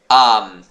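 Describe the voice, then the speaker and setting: A man rambling through a wrestling show review, excitable and swearing, sometimes yelling when annoyed. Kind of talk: unscripted recap monologue.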